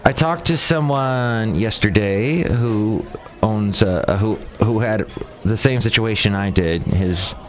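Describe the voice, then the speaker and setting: A man's voice: fairly low pitch, slow pace. Sarcastic rambling male podcaster. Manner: sarcastic, rambling, with frequent restarts. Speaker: podcast host. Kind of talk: casual solo podcast monologue. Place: outdoors near a cafe.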